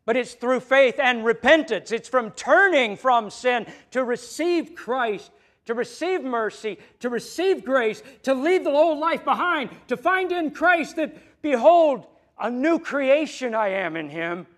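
Male pastor, sermon delivery; emphatic, shifting between loud stresses and quiet asides. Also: very high-pitched, lively intonation, a little slow.

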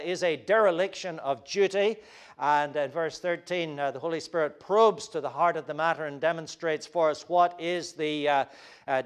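A man preaching an expository sermon as pastor, earnest, with frequent fillers and restarts. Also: high voice.

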